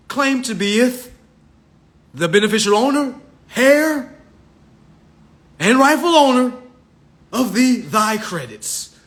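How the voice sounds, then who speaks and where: A slow, solemn mock preacher intones invented scripture in old-fashioned wording, as a man puts him on. The voice sits high and swings widely in pitch, and each phrase is stretched out with mock gravity. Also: a bit bright, heavily acted. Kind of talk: parody of Bible verses.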